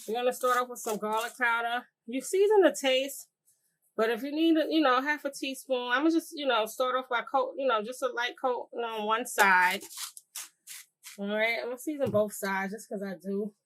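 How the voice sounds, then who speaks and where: A woman's voice: a little high, fairly bright tone, rough recording. A woman hosting a casual cooking tutorial, chatting loosely with her viewers and circling back on herself as she goes. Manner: chatty, talks to viewers as "y'all"; rambling with many fillers and restarts. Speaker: cooking channel host.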